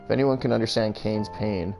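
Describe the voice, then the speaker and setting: A man narrates a novel at an easy reading pace, his voice low and gravelly. Now and then he drops in a dry comment of his own. Soft music hums faintly in the background. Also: steady tone, a little fast. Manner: plain narration broken by wry comments. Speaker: streamer. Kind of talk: reading a novel aloud with casual asides.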